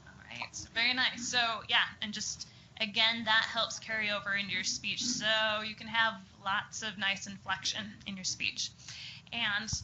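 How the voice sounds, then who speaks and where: A woman speech therapist with a very bright, sharp voice coaches a group through exercises, encouraging and explaining each step. The recording is muffled and lo-fi, with a faint hiss underneath. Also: medium pitch, flat delivery, normal speed. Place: group therapy session room.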